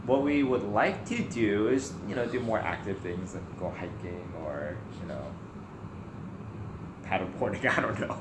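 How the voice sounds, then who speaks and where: A man co-hosting a casual Q&A vlog, easygoing and soft-spoken. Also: lowish voice, measured pace, reverberant, background noise. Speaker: co-host. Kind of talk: casual Q&A chat.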